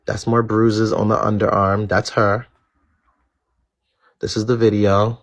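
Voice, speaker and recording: A man's voice: on the low side, fairly even intonation, slow, long pauses, lo-fi sound. A man hosting a live stream, talking straight to his viewers in blunt, outspoken commentary, swearing freely and repeating his points for emphasis. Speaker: live-stream show host.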